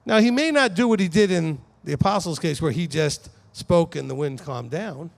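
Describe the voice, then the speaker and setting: A man's voice: a little high, animated, normal speed, gravelly. A man giving a conversational Bible teaching to a congregation, asking the audience questions as he goes. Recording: long hall reverb.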